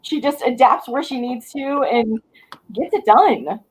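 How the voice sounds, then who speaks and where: A woman's voice: on the high side, measured pace, husky, rough recording. A woman on a fan convention panel, talking enthusiastically and laughing often. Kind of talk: casual panel chat on a video call.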